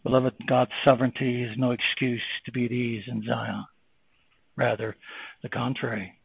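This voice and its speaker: A man preaching a sermon, moving from slow, hushed words to loud, fervent exhortation. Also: mid-range voice, flat delivery, gravelly, husky, no room sound. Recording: tinny phone-like, dry.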